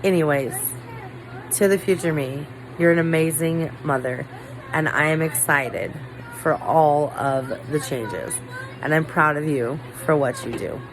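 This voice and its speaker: Brief: woman vlogger at home, rather low voice, loose rambling chat, lots of "like", faint hiss behind. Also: a little slow, crowd noise. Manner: rambling, heavy use of "like" fillers. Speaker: vlogger, mother. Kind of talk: casual chat to camera. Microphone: camera.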